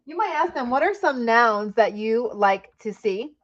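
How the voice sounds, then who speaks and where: Woman teacher, higher voice, upbeat training talk, slightly dull recording. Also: expressive, a little slow. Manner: upbeat, frequent "right?" tags, models classroom questioning.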